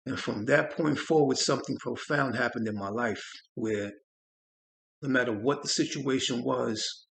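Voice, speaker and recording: A man hosting a spiritual channel, telling a personal experience in an earnest, reflective way, often halting and repeating words. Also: mid-range voice, gravelly, fairly bright tone. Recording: roomy echo.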